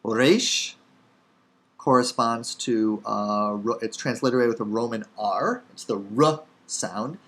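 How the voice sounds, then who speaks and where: A man's voice: on the low side, unhurried, hardly any pauses, a bit bright. A man with a Chicago accent teaching the Hebrew alphabet in a casual, wry lecture with frequent fillers. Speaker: Hebrew instructor. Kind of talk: recorded lecture.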